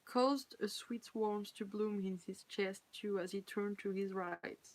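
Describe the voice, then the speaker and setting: A woman with a French accent reads fan fiction aloud on a live stream, at a middle pitch. She breaks off now and then to chat with viewers and laugh at her own slips. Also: steady tone, unhurried, low-quality recording.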